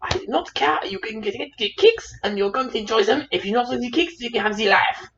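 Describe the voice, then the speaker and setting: A woman's voice: a little high, lively intonation, a little fast, fairly bright tone, lo-fi sound, slight background noise, pitched above the performer's own voice. A man voicing a strict middle-aged mother with a German accent, scolding in firm, broken phrases. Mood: stern.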